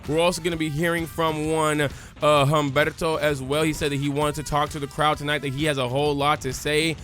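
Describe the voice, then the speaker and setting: Animated high-voiced man narrating a game. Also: fairly quick. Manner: animated, joking storyteller acting out crowd chants. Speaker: gaming YouTuber. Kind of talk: casual let's-play commentary. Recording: faint music underneath.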